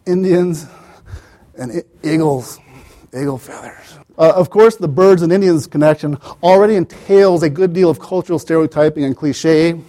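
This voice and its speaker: A man's voice: on the high side, moderate pace, warm tone. A man giving an academic lecture as the author, digressive, with wry asides and many "you know" fillers.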